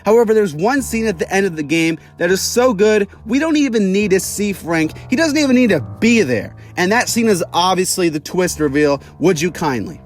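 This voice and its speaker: A young man hosting a casual video review, his voice sitting fairly high. He talks in a chatty, opinionated way, with light music playing behind him. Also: animated, moderate pace, hardly any pauses. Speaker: YouTube villain reviewer.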